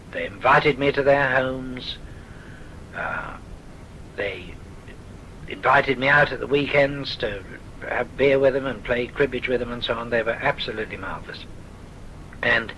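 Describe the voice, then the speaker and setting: A man's voice: medium pitch, a bit bright, slight background noise, rough recording. An older man with a southern English accent, genteel and wry, telling his memories for a recorded oral history. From south of England. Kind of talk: recorded reminiscence.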